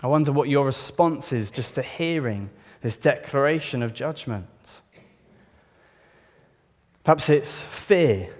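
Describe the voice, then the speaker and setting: Male preacher, sermon, solemn and earnest, slightly high voice, long church reverb. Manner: solemn scripture reading, then earnest questioning.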